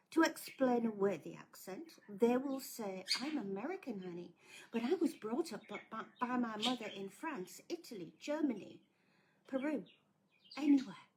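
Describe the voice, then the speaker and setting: A woman's voice: fairly high pitch, noisy background. A woman speaking bluntly and earnestly to viewers as a scam awareness advocate, pleading with them to think. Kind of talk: casual warning talk to viewers.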